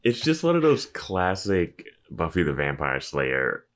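A man's voice: sits low, wildly swooping pitch, unhurried, fairly bright tone. A man co-hosting a podcast, chatting casually and making laid-back, joking asides. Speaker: podcast co-host. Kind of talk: casual chat.

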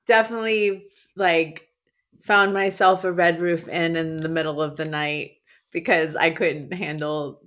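A woman co-hosting a casual chat show, mostly chiming in with quick reactions and short asides. Her voice sits a little low for a woman. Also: steady tone, fairly bright tone. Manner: brief reactions, short anecdote. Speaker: podcast co-host.

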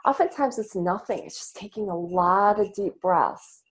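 A woman appearing as a guest on a podcast talks in an earnest, reflective way, swearing casually in relaxed interview conversation. Her mid-range voice moves at a normal speed and comes through earbuds on a video call.

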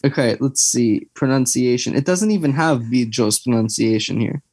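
A man's voice: mid-range voice, normal speed, darkish tone, husky, no echo. A young man, chatting casually as a podcast co-host, rambling with lots of fillers and tangents. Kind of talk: casual chat.

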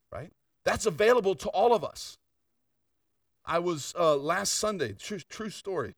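A man's voice: on the high side, expressive, a little fast, no room sound, clean studio sound, far from the mic. Older male pastor, chatty sermon. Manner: conversational storytelling with asides.

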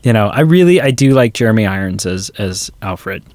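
A man's voice: lowish voice, big pitch swings, fairly quick, a little mellow, no echo. A man co-hosting a podcast, chatting casually about a film and retelling scenes with quoted lines. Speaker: podcast co-host. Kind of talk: casual movie review chat.

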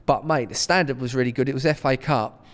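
A man's voice: medium pitch, quick pace, a bit bright, long reverb tail. A man, co-hosting a podcast with blunt, sweary storytelling. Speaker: podcast co-host. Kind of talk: casual banter.

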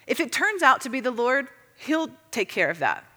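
A woman teaching a church audience in a casual, chatty way, full of fillers and lively storytelling. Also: high voice, moderate pace. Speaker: ministry teacher. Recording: long reverb of a hall.

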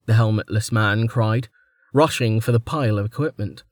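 A man's voice: lowish voice, normal speed, no echo. A man narrating a fantasy audiobook with dramatic storytelling, close to the mic. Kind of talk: scripted narration.

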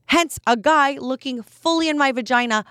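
A woman's voice: sits high, normal speed, fairly bright tone, dry recording, studio quality. A young adult woman hosting a podcast, telling a personal story in a candid, chatty way full of fillers. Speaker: podcast host. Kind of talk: casual storytelling chat.

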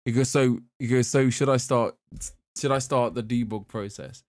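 A man from England on a gaming podcast, telling a long story in a casual, animated way and laughing as he goes. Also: mid-range voice, moderate pace, no echo, studio quality. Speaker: podcast host. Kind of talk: casual chat.

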